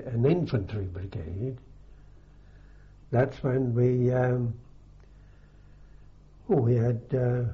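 An older man speaks slowly, in a mid-pitched voice, pausing and restarting as he reminisces. The recording is a dull, lo-fi archive tape with the top end rolled off. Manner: halting and unhurried, full of ums and restarts. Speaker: veteran interviewee. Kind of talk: oral history reminiscence.

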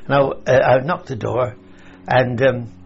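A man's voice: medium pitch, fairly even intonation, a little slow, vocal fry, a little hiss or hum. An older man from England, telling wartime memories in a rambling oral-history interview, chuckling and saying "you see" as he goes. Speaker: veteran interviewee. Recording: dull lo-fi recording.

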